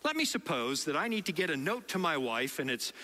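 A fairly quick, slightly high male voice trails a long reverb as this middle-aged Dutch-accented man from the Netherlands preaches to a congregation in a large hall. He animates his stories by acting out what people said.

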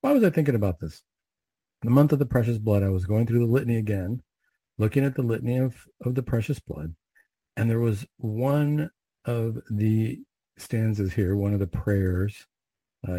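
A man's voice: fairly low pitch, moderate pace, dark tone, dry recording. A man leading recited prayers and then giving a conversational, reflective homily.

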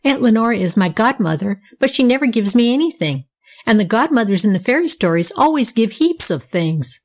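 A dreamy little girl of eight, eager and wistful, lifts her voice higher and brighter than the narration around her, as a woman reads her part in an audiobook. She sounds touchy and longing by turns, always in a clear storybook tone. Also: animated, a little fast. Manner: eager, wistful, raised girlish pitch. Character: girl Nora, under nine, dreamy and touchy. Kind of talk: audiobook character reading.

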